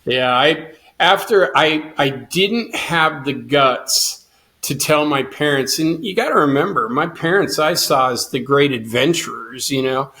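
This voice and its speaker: Middle-aged male guest, slightly high voice, earnest storyteller. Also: animated, measured pace, pushed and bright. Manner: earnest, quotes his own thoughts with rising intensity. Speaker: guest, cancer survivor and swimmer. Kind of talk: storytelling interview.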